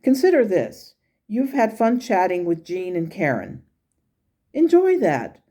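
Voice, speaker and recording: A woman's voice: medium pitch, very animated, unhurried, warm tone. A woman voicing a blunt but caring spirit guide as she reads its messages aloud. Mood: encouraging. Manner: blunt, encouraging, exasperated at times. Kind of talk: reading channeled messages aloud.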